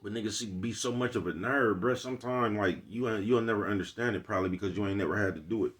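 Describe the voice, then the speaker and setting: A man's voice: lowish voice, quick pace, fairly bright tone. A man with an African American Vernacular English accent, talking in a loose, slangy, preachy monologue to his viewers. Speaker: vlogger. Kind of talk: casual street monologue.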